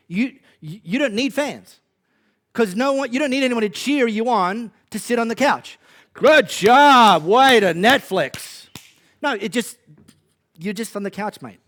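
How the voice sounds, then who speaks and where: An Australian man preaching a sermon as a pastor, conversational and animated, with playful asides. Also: sits high.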